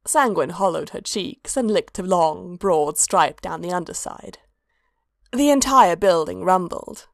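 A woman narrating a story in a steady, even reading voice. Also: fairly low pitch, a little slow, no echo, clean studio sound.

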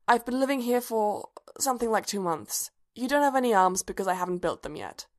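A shaken young male pilot whose words come out shaky and halting, played by a woman reading a story aloud. He sounds worn down and anxious. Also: fairly high pitch, animated, close to an everyday voice. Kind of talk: fan fiction reading.

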